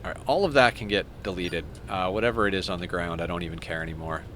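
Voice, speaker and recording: A man's voice: low-pitched, fast talker, fairly bright tone, a little hiss or hum. A young man streaming a game, chatting casually, rambling and stammering as he thanks viewers. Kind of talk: casual live-stream chat while playing.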